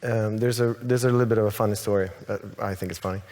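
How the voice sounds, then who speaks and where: Low-voiced man talking in a hall. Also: steady tone, quick pace, a little mellow. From Sweden. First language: Swedish. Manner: hesitant, rambling, many restarts and fillers. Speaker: songwriter guest. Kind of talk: casual stage interview. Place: large hall on stage.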